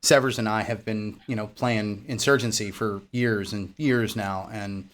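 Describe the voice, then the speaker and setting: A man's voice: lowish voice, fairly even intonation, a little slow, a bit bright. A man on a streamer panel talking casually, emphatic and teasing.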